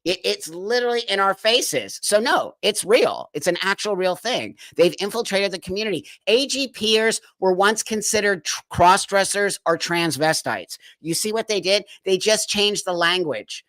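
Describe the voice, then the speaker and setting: A man's voice: high-pitched, expressive, normal speed, few pauses, fairly bright tone, dry recording. A man hosting a live stream, commenting bluntly and mockingly and laughing often.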